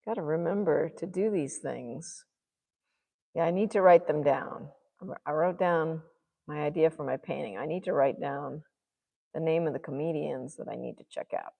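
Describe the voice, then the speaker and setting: A woman's voice: low voice, normal speed, creaky, dark tone, long reverb tail. A woman vlogger thinking aloud to herself as she paints, musing in murmured asides. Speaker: art vlogger.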